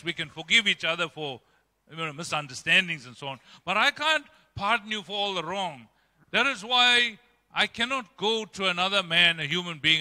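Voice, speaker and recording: A male pastor preaching a sermon emphatically, swinging between loud, raised passages and quiet, low ones. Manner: emphatic preaching with dramatic swings in pitch and loudness. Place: church. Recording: long church-hall reverb.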